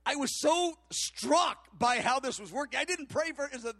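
Preacher, male, high bright voice, dry close sound, storytelling sermon. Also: normal speed, no echo. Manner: storytelling, acts out dialogue, animated. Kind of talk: sermon with anecdote.

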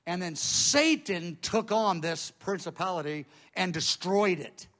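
As a preacher, a man delivers a dramatic testimony with animation, his volume swelling and falling, and he restarts often. His voice is high and his pace a little slow.

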